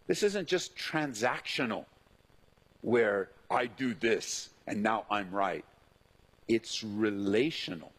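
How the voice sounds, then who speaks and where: A middle-aged man, a pastor, preaching a sermon in an animated way, acting out the voices he quotes. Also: fairly low pitch, takes it slowly, breathy edge, poor audio.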